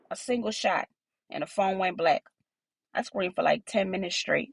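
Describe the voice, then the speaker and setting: A woman's voice: medium pitch, moderate pace, creaky, faint music behind. A woman narrating a first-person audiobook in a plain, conversational storytelling manner.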